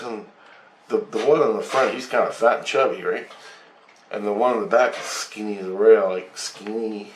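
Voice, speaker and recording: A man telling a rambling, profane story in a casual, animated way, acting out what was said. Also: on the low side, moderate pace. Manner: rambling, profane, animated retelling with acted-out quotes. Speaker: channel host. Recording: echoey room with faint noise.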